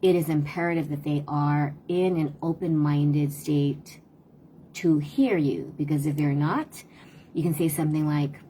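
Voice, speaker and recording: A woman in her fifties giving earnest, conversational parenting advice on a live stream, often pausing to hesitate. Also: low voice, steady tone, warm tone, slight background noise. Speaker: parenting talk host and tutor.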